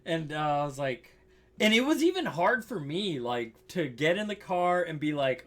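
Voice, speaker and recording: A man's voice: fairly high pitch, very animated, moderate pace, a bit bright. A young man casually telling a story, laughing often, swearing and saying "like" a lot.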